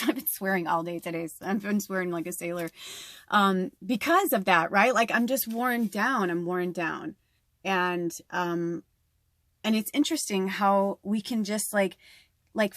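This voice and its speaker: A woman's voice: medium pitch, no echo, studio quality. A woman working as a psychic medium, giving a casual, meandering tarot reading from a tiny home. She talks in a chatty way, full of fillers, and swears freely.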